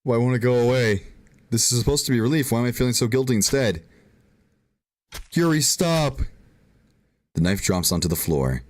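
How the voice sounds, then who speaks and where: A man's voice: medium pitch, animated, moderate pace, long pauses, voice pushed up, close to an everyday voice. A man reading aloud as a shy, anguished teenage girl narrating a visual novel, voicing her with emotional outbursts. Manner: reads emotionally, rising to pleading outbursts.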